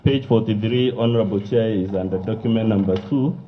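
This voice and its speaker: A man's voice: fairly low pitch, a little fast, dull audio, a little hiss or hum. A man, a lawyer, cross-examining a witness at a hearing with firm, clipped questions.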